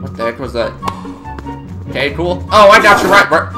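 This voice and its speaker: A gaming channel host giving excited let's-play commentary and often yelling at the game. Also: medium pitch, moderate pace. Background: game music.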